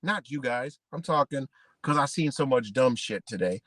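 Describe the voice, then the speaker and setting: A man with a high voice hosts a livestream in a loose, profane rant. He reads stiff legal passages aloud, then swerves back into heated street talk, sounding close and dry with no room around him. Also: normal speed, dry recording. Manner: animated and profane, swinging between reading and ranting. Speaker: livestream host. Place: home livestream setup.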